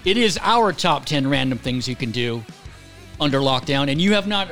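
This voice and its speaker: A male podcast host in casual chat, talking in an animated way with many repeated words and restarts. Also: mid-range voice, normal speed, faint music behind. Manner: animated, repetitive, stumbling restarts.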